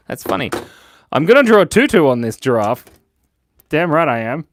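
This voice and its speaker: A man's voice: a little high, a little hiss or hum. A man hosting a live drawing stream, reading out viewer suggestions in a playful, giggly way. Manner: playful, reads chat comments aloud, giggles often. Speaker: livestream host drawing with chat. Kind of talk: casual live-stream chat.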